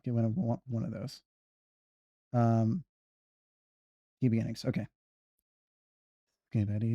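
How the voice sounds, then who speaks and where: Streaming a video game, a man mutters his plans and hums to himself between moves, offering casual commentary. His mid-range voice is mellow, barely shifts in pitch, moves a bit slowly with frequent pauses, and comes through a dry, dull recording.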